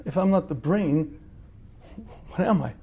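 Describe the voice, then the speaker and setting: A religious teacher with a somewhat high voice lectures in a relaxed, conversational way. He asks rhetorical questions, stops to clear his throat, and keeps things informal.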